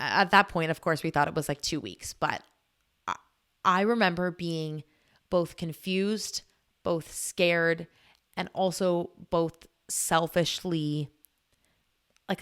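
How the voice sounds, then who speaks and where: A woman's voice: low-pitched, slow, smooth. Chatty young woman podcast host. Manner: chatty, animated, laughs often, many "like" fillers. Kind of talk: casual storytelling chat.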